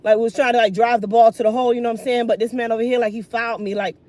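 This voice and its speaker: A woman's voice: on the high side, steady tone, rapid-fire, a little mellow, natural voice. A woman mocking a young male athlete who rambles in slang full of filler words. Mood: rambling.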